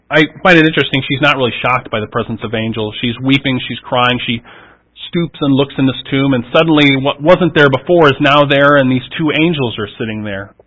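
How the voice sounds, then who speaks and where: A man's voice: mid-range voice, brisk. Earnest male preacher on dull radio. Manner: earnest, reflective, rises with emphasis then drops soft. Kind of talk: scripture reading and sermon.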